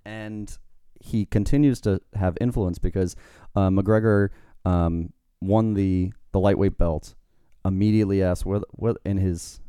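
Man, low voice, mellow, smooth, dry close sound, joking podcast chat. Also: steady tone, a little slow, no echo. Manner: loose, joking, rambling. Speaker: podcast co-host. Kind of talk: casual chat.

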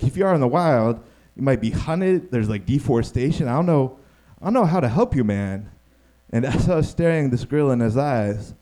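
Man, stand-up comedian, animated, acts out quotes, bursts of yelling. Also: on the high side.

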